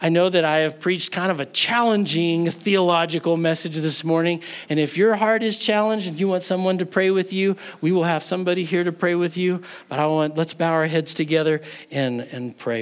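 A man's voice: on the high side, fairly even intonation, normal speed, hardly any pauses, clear, resonant tone. A man preaching a sermon in church as pastor, earnest, mixing jokes into his teaching and rising in volume for emphasis. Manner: earnest preaching with joking asides, swells louder in emphasis. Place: church sanctuary.

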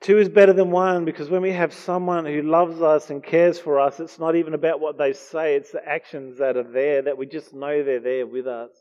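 A man's voice: fairly high pitch, level tone, normal speed, few pauses, darkish tone. A man preaching a heartfelt, earnest sermon. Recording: dull lo-fi recording.

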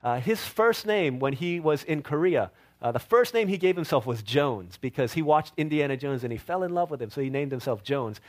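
A man's voice: on the high side, expressive, brisk. A middle-aged male pastor preaching a sermon, telling stories with playful quoted voices and asides.

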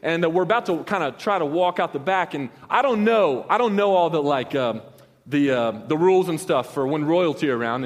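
The big-room sound carries a young male pastor's high voice as he tells a story from the pulpit. It comes out casual and wandering, with slangy side comments and lots of restarts.

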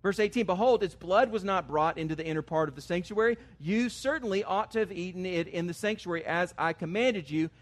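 A man's voice: high-pitched, fairly quick, few pauses. A man preaching a sermon as pastor, earnest and conversational, rising to emphatic stresses on key words. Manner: conversational asides with fillers.

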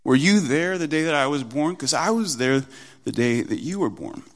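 A man voicing God as a stern, commanding creator who asks slow, emphatic questions. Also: on the high side, lively intonation, in a large hall, pitched above the performer's own voice.

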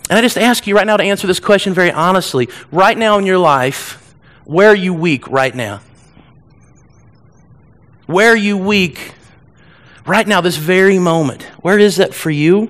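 A middle-aged pastor preaching a sermon in church, animated and humorous, acting out whiny voices. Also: male voice, high voice, moderate pace, long pauses.

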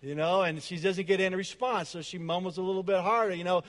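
A man's voice: sits high, steady tone, fast talker, few pauses. A man preaching a sermon, emphatic and repetitive, with casual conversational asides. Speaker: pastor. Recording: long hall reverb.

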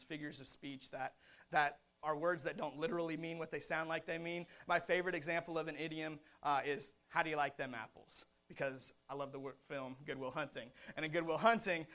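Male preacher, high voice, rhythmic repeated refrains, loud then hushed. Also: brisk. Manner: repetitive, rhythmic delivery with emphatic refrains. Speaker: pastor. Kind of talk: sermon.

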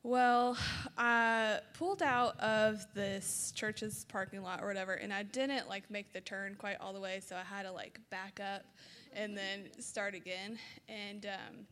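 A woman's voice: medium pitch, fairly even intonation, a little slow, a bit bright, a little hiss or hum. A young woman casually telling a short funny story, chatty with many fillers and laughing along the way.

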